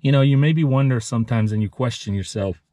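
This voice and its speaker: A man in his thirties who owns a lawn care business, giving a heartfelt motivational vlog talk, earnest and emotional, halting and restarting as he speaks. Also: mid-range voice, mellow, no echo. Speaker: lawn care business owner and channel host.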